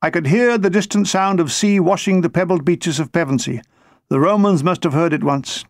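A man's voice: sits high, normal speed, dry recording. A man reading his own wartime memoir aloud, with a dry comic storytelling manner. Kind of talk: audiobook narration.

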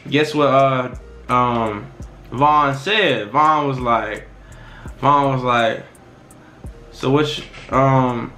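A man's voice: medium pitch, extremely slow, pauses often, bright, forceful tone, faint music behind. A man hosting a commentary video, talking loosely and rambling with many fillers. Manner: loose, rambling, repeats "you know what I'm saying". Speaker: commentary channel host. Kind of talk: casual commentary.

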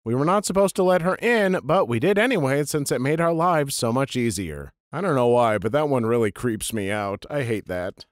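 A man's voice: mid-range voice, lively intonation, moderate pace, few pauses, dry recording, studio quality. A man narrating a string of internet stories in a matter-of-fact reading voice. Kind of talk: scripted story narration.

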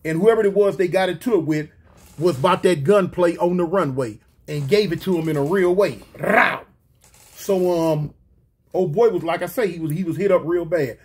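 A man's voice: sits high, normal speed, husky. A man casually telling a street story in slangy talk, repeating himself and acting out quoted dialogue. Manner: slangy, repetitive, animated retelling with quoted dialogue.

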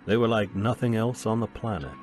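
A man reading a science fiction story aloud in a measured, grave storytelling manner. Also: fairly low pitch, a little mellow, faint music behind. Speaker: narrator.

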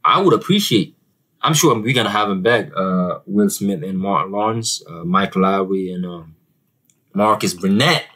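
A man's voice: sits low, moderate pace, bright, forceful tone, rough recording. A man with an African accent giving a casual, chatty movie review to camera, often repeating words and using fillers.

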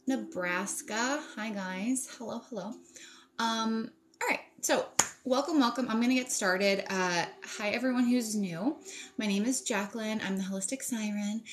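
A woman in casual live-stream chat from home on a phone, upbeat and chatty, greeting viewers and swearing casually. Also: medium pitch. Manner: greets viewers warmly, fillers like um. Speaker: spiritual wellness live-streamer.

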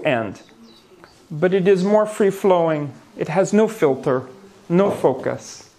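A man's voice: sits high, a little mellow. Playful, theatrical male lecturer. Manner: playful and theatrical, with gasps and asides. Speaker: neuroscience lecturer. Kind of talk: conference talk. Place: conference hall before an audience.

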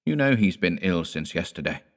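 A man voicing an anxious young village wife in an audiobook, speaking low and pleadingly. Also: sing-song, normal speed.

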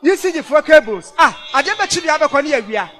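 Male co-host, very high voice, bright tone, chatty news banter, faint music behind. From Ghana. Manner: lively, chatty, quick interjections. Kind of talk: news commentary and back-and-forth banter.

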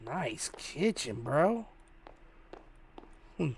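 A man's voice: on the high side, very animated, extremely slow, slight background noise. A man hosting a gaming channel, giving hyped, slangy, joking commentary while he plays a horror game. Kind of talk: let's-play commentary.

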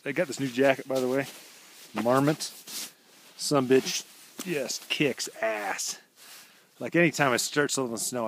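A relaxed man strolls through snowy woods, filming himself on a handheld camera. He talks in a loose, deadpan, slang-heavy ramble full of "uh" and "just." It sounds like an offhand video diary. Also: medium pitch. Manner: laid-back, slangy, deadpan rambling with fillers. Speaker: vlog host. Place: outdoors in snowy woods by his house.

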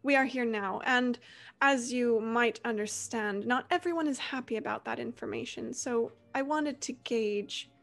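A woman's voice: a little high, a little slow, gravelly, a bit bright. Playful woman game master. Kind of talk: narrating and voicing a tabletop game.

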